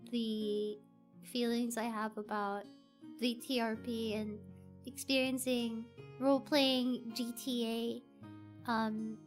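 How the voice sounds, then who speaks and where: A woman streamer chatting casually and rambling with gushing enthusiasm, using lots of fillers. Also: on the high side. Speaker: VTuber streamer.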